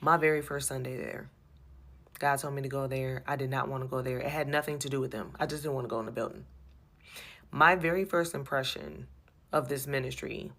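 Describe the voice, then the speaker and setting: Low, gravelly woman telling a church story. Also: brisk. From USA. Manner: animated, exasperated, repeats herself. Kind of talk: personal storytelling.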